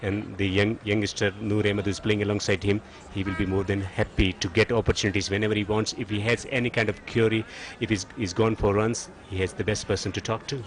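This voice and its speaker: A man's voice: fairly low pitch, level tone, fairly quick, few pauses. A man giving earnest live cricket commentary, often repeating words as he restarts a phrase.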